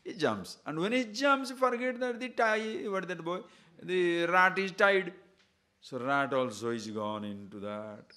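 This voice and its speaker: A man giving a spiritual discourse, telling a fable in an animated way and checking in with his listeners as he goes. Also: sits high, a little slow. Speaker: spiritual teacher.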